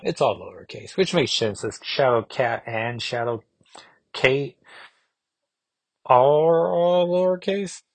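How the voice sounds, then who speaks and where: A man with a lowish, slightly breathy voice hosts a comic book podcast, recapping an issue in a relaxed, musing way. He thinks aloud and restarts himself now and then, and the recording has no room sound.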